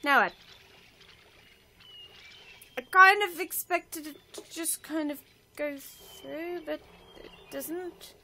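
High bright-voiced woman gaming. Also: takes it slowly, pauses often, a little hiss or hum. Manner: chatty, self-mocking, bursts into excited cries. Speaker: let's play gamer. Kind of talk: casual gameplay commentary.

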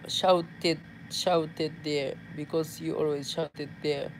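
Slow-talking Japanese man, playful vlogger. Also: fairly high pitch, flat delivery, slight background noise. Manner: playful, laughing, mixes in Tagalog fillers. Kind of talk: casual chat reading fan messages.

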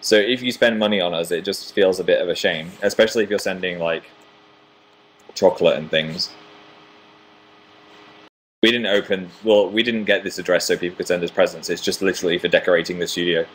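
Young male livestream host, chatty and self-mocking, slightly low voice, reading fan comments. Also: steady tone, fairly quick, long pauses, a little hiss or hum. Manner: chatty, self-deprecating, reads viewer comments aloud.

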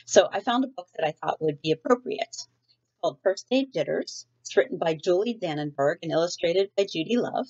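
A woman's voice: lowish voice, expressive, fairly quick, a little mellow, lo-fi sound. A middle-aged woman teacher chatting in a friendly way with many fillers, reading a storybook aloud to students from home.

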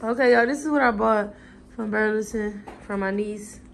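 A woman's voice: medium pitch, fairly even intonation, moderate pace, gravelly, a little hiss or hum. A woman vlogging in casual chat, talking to her viewers directly as she unpacks and shows off purchases. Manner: chatty, talks to viewers as y'all.

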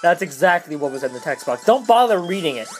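A young man doing excitable gameplay commentary, swearing a lot and shouting in glee. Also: a little high, fast, soft background music. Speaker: let's play commentator.

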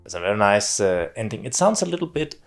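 A man teaching piano and calmly explaining how voices in chords move, with frequent small fillers. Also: on the low side, fast talker. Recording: talk over loud piano music.

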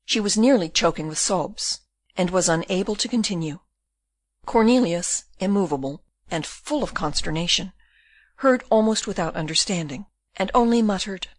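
A woman reading a classic novel aloud as an audiobook narrator, in steady storytelling. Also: lowish voice, normal speed, no echo. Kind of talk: scripted narration.

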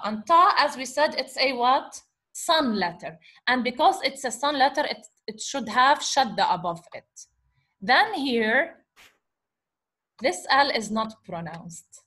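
Woman teacher, fairly high voice, keeps asking herself questions and saying okay. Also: fairly bright tone, breathy edge. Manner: repeats herself, asks and answers her own questions, says "okay" often. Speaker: Arabic teacher. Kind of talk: explaining grammar lesson.

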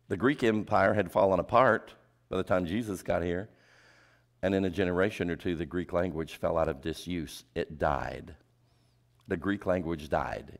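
A man preaching with rhetorical questions. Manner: emphatic, asks the audience rhetorical questions; drops pitch and volume for emphasis. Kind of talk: sermon.

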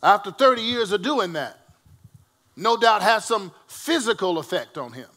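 High bright-voiced man preaching a sermon. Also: expressive, normal speed. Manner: swings from loud preaching to quiet storytelling, calls to the congregation. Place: church with congregation responding.

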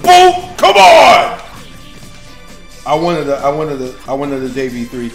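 A man giving excited gameplay commentary as a YouTuber, trash-talking and swearing, dropping to mutters and then bursting into shouts. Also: mid-range voice, fairly quick, echoey room, soft background music. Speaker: gaming YouTuber.

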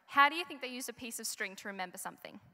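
Young woman, chatty storyteller, bright high voice, long hall reverb. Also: lively intonation, racing. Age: young adult. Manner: chatty storytelling, asks the audience questions. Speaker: children's story presenter. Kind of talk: children's talk in church service. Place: large church hall. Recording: live church recording with long reverb.

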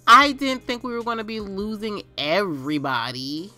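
A woman's voice: mid-range voice, normal speed, sharp tone, faint music behind. A woman hosting a let's play on her gaming channel, talking through the game in a dramatic, exclaiming way.

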